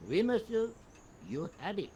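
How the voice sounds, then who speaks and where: A drawling lazy French gendarme. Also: male voice, sits high, sing-song, a little slow, dark tone, slight background noise. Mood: languid. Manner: languid, unbothered, drawling. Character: lazy, amused French male police officer.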